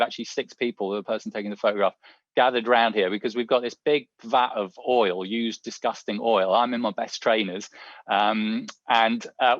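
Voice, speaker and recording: A man's voice: mid-range voice, dry recording, muffled recording. A man telling travel stories over slides in a webinar, chatty and anecdotal with many fillers. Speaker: webinar speaker. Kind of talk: presentation talk with slides.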